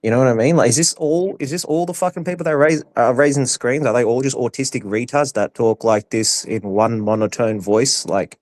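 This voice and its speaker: A man's voice: medium pitch, fairly quick, hardly any pauses, a little mellow, no echo. A man on a group voice call who speaks in a blunt, mocking way. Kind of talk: casual group call chat.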